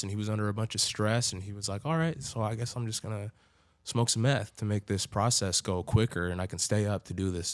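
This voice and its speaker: A man with a deep, gravelly voice tells his own story as a podcast guest. He talks loosely, swears freely and leans on filler words. The sound is close and dry. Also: no room sound. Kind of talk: casual storytelling.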